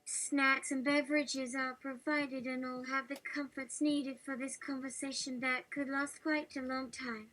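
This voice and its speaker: A text-to-speech woman's voice reading a story aloud, breathy and hesitant. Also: sits high, little pitch movement, a little slow, few pauses, fairly bright tone, low-quality recording.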